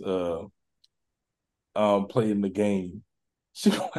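A man's voice: fairly low pitch, takes it slowly, long pauses, darkish tone. Laid-back slangy man chatting. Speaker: podcast host. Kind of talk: casual chat.

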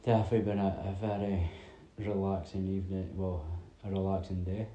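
A man in his thirties from north-east Scotland rambles through a chatty solo podcast, dropping his T sounds. His voice is low, dark and mellow, and it stays fairly level in pitch. The sound carries an echoey room around it. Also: flat delivery, fairly quick, lo-fi sound. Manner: rambling, chatty storytelling with many fillers. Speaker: podcast host. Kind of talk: casual solo podcast chat.

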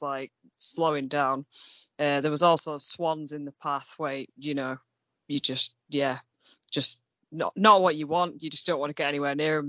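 A man chatting casually as a podcast co-host, telling a story in a relaxed way with many fillers. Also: on the high side, dry recording. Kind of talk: casual chat. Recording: dull, dry lo-fi sound.

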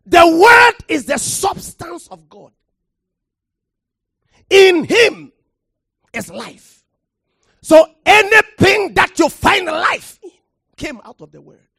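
Preacher, sermon, high lively voice, slow deliberate delivery, shouts then hushes, dry close sound. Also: dry recording. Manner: impassioned, shouting for emphasis with sudden drops to quiet; calls for audience response.

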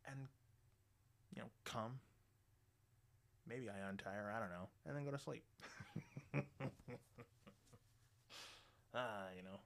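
A man's voice: lowish voice, moderate pace, vocal fry, pauses often, fairly bright tone. A man hosting a podcast, telling crude stories and jokes in a rambling, profane way, full of "you know" fillers. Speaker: podcast host. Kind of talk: crude casual storytelling and joke telling.

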